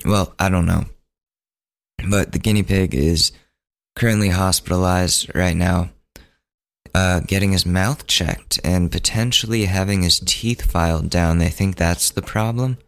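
Man, very low pitch, hoarse, fatigued, young adult, casual rambling podcast host. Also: a little slow. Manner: rambling, self-interrupting, casual. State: losing his voice, fatigued. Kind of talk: solo podcast monologue.

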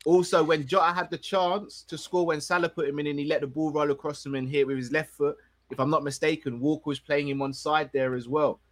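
A man co-hosting a casual football podcast. He talks in a relaxed, slangy way and breaks down matches calmly and in steady detail. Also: on the high side. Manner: relaxed, slangy, measured analysis. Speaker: podcast co-host.

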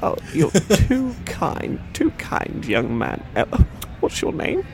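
A man's voice: a little high, huge pitch swings, slow, creaky, exaggerated voice. Deirdre, a man doing a doting old lady. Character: chatty old woman named Deirdre, doting. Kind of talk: improvised comic role-play.

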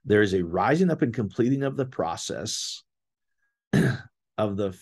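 Husky low-voiced man teaching scripture. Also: expressive, slow pace, pauses often. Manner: enthusiastic, explanatory, addresses listeners as guys. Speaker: bible teacher. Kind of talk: casual scripture word study.

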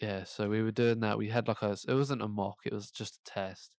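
A man's voice: fairly low pitch, steady tone, fairly quick, creaky, darkish tone, dry recording. A young man, casually telling school stories as a podcast co-host, laughing often and swearing freely. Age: young adult. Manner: laid-back, swears a lot, laughs often. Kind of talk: casual storytelling chat.

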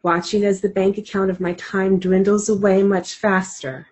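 A woman hosting an interview, engaged and affirming with her guest. Her voice has a breathy, husky edge, and she reads a passage aloud at an even, deliberate pace. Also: medium pitch. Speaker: interview host. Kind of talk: conversational interview, then reading aloud.

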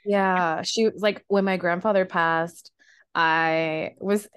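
A young woman talks casually on a podcast, winding through her thoughts with fillers and little nervous laughs. Her voice sits on the low side and comes across smooth and clear. The sound is dry and close, with no room around it. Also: fairly even intonation, slow, fairly bright tone, no echo. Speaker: podcast host. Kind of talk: casual conversation about grief.

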